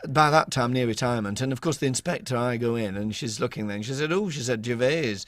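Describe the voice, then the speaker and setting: A man spins funny anecdotes as a guest on a radio interview, slipping into the voices of the people he quotes. His voice sits at an ordinary middle pitch. The studio sound is dry and close. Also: quick pace, a bit bright, dry recording. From England, Rotherham. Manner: humorous raconteur, acts out quoted voices. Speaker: author and school inspector, guest.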